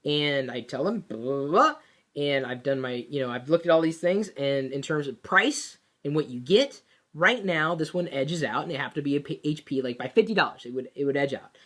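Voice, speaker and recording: A woman telling a personal work story in a casual, animated way, with plenty of fillers and restarts. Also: low voice, moderate pace. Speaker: vlogger.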